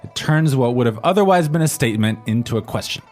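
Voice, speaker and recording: On a scripted language-lesson podcast, a man co-hosts as the learner's voice, prompting the lesson with questions that often end in "right?". He talks fast in an animated, mid-range voice with a darkish tone, over a faint music bed.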